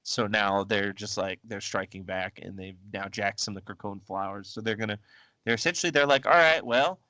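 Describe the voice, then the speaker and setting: A man's voice: fairly low pitch, steady tone, a little fast, bright, forceful tone, no echo, poor audio. A man co-hosting a podcast, chatting casually about comics, laughing often and acting out characters in goofy voices. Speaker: podcast co-host. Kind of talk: casual comic-book discussion.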